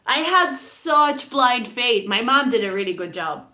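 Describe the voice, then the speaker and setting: A woman giving a casual pick-a-card tarot reading, chatty and animated, laughing often and swearing casually. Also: sits high, unhurried. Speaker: tarot reader.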